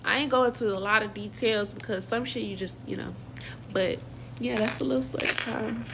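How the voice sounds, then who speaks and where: A woman's voice: on the high side, brisk, gravelly, heavy background noise. A young woman casually telling a personal story in slang, acting out quoted dialogue as she goes. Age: young adult.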